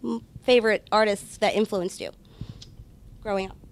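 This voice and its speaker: A woman's voice: medium pitch, steady tone, normal speed, vocal fry. A woman interviewing a band in a playful, giggly way. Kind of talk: casual interview.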